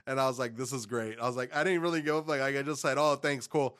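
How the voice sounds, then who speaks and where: Excitable swearing man chatting. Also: medium pitch, fast. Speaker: podcast co-host. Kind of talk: casual chat.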